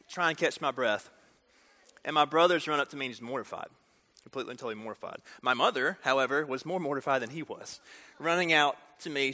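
A man preaching a storytelling sermon, talking directly to the audience in an animated way. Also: medium pitch. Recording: reverberant hall.

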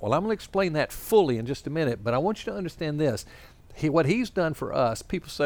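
A male preacher giving a conversational sermon, pausing often with fillers while he sketches a diagram to explain his points. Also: mid-range voice, animated, no echo. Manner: conversational, drawn-out pauses and fillers. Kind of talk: sermon with storytelling.

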